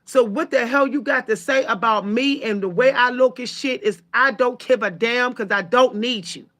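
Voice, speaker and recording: This is an angry venting session from a channel host to her viewers, with plenty of swearing and forceful emphasis as she recounts what happened. She talks at a normal pace in a fairly high, slightly bright voice.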